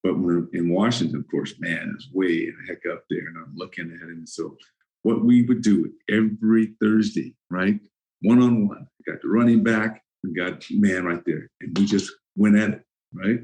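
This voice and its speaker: Older male guest, low voice, chatty storyteller who laughs a lot and acts out moments. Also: fairly even intonation, normal speed, a little mellow, poor audio. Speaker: former pro football player, guest. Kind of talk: casual interview storytelling.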